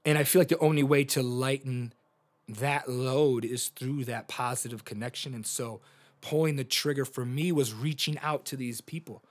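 A man's voice: mid-range voice, steady tone, moderate pace. A man in his thirties hosting a podcast, telling personal stories in an earnest, open-hearted way. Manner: earnest, open about feelings, storytelling with fillers. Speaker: podcast host. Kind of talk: personal reflective monologue.

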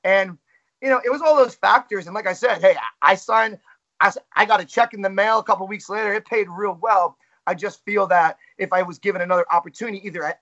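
A man's voice: high-pitched, fairly bright tone, lo-fi sound. A man who works as a wrestling ring announcer, talking candidly and self-critically in a casual interview.

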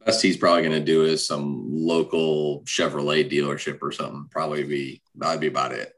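A man's voice: very deep voice, little pitch movement, fairly quick, fairly bright tone. A man co-hosting a podcast in casual chat, making laid-back, dry remarks. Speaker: podcast co-host.

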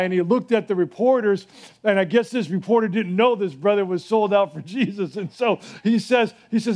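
Male pastor, high voice, chatty sermon delivery with lively storytelling and asides. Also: moderate pace. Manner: conversational, animated storytelling with asides.

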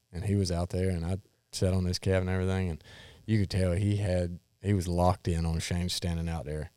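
Deep-voiced country guy with a drawl telling rodeo stories, dry close mic. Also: mellow, no room sound. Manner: drawling, plainspoken, swears casually. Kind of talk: casual storytelling chat.

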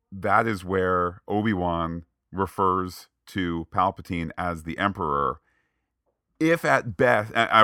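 A man's voice: sits low, dry recording, studio quality. A man co-hosting a movie podcast, chatting casually and acting out quoted lines. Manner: animated, acts out quoted lines. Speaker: podcast co-host. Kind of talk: casual movie review chat.

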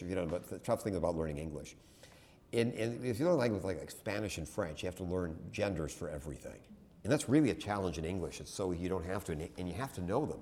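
Male lecturer, low voice, loose and conversational, prone to tangents and restarts. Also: darkish tone. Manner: conversational, digressive, with many restarts and asides. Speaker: teacher. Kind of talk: classroom lecture.

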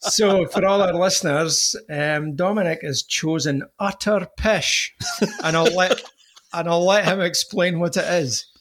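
A man's voice: high voice, a little slow, fairly bright tone. A man co-hosting a podcast, joking with the guest. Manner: joking and laid-back. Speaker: podcast co-host. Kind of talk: casual podcast chat.

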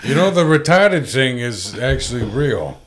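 A man co-hosting a comedy podcast, trading crude jokes in loose casual chat. His pitch swings around a lot as he talks, from an ordinary middle register. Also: very animated, measured pace, a little hiss or hum. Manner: crude, joking, breaks into impressions. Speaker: podcast co-host.

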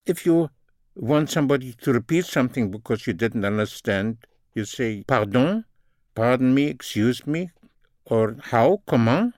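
A man teaching a recorded language lesson, slowly repeating each phrase and its translation. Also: medium pitch, expressive, a little mellow, no room sound, studio quality. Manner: slow, deliberate, repeats phrases in two languages.

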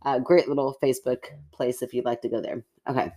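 A woman co-hosting a podcast, chatting casually and reading listener stories aloud, animated and quick to laugh and gasp. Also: extremely low pitch. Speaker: podcast co-host.

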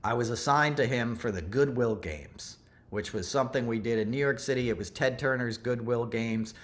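This middle-aged man hosts a podcast and speaks at a normal speed in a mid-range voice. He tells a story in a loose, rambling monologue full of asides and self-corrections.

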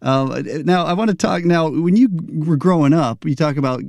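A man hosting a casual interview over a video call, chatty and quick to laugh, sometimes wandering off on tangents. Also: a little high, gravelly, a little mellow, slight background noise. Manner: chatty, laughs often, digresses. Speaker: podcast host.

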